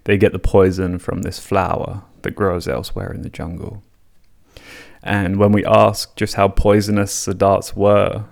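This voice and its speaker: A man's voice: sits low, gravelly. An English man and podcast co-host telling a story casually, chatty, swearing freely and laughing often. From England.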